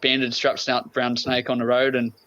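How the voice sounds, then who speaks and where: A man's voice: mid-range voice, monotone, moderate pace, fairly bright tone. An Australian man, a podcast guest, telling a story in a laid-back, enthusiastic way. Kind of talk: casual storytelling. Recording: dull, lo-fi remote audio.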